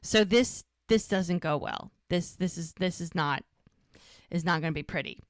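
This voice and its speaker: A woman co-hosting a podcast, retelling a TV episode in a chatty, animated way. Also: on the low side, moderate pace, no room sound. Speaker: podcast co-host. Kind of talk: casual episode recap.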